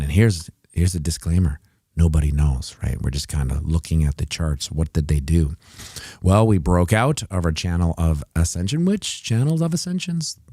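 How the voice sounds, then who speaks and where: A man's voice: low-pitched, warm tone, dry recording, studio quality. A man hosting a casual livestream, rambling and joking through market commentary with many restarts. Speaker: host of a crypto price livestream. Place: home setup with TVs.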